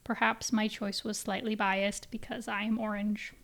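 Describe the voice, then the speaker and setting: A woman's voice: mid-range voice, flat delivery, normal speed, gravelly, fairly bright tone. A woman hosting a podcast in casual chat, rambling along with lots of filler words. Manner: chatty, rambling, heavy on "like" fillers. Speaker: podcast host.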